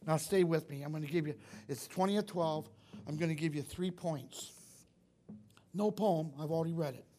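A man's voice: on the high side, moderate pace, dark tone, slight background noise. A man preaching a sermon in church, emphatic and repetitive, often questioning the congregation. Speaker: pastor.

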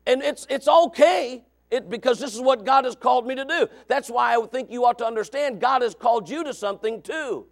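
A pastor in his thirties preaching with a high voice for a man. He talks in a chatty way, drops into quiet asides, then rises into shouted points. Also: brisk, gravelly, hardly any pauses. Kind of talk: sermon.

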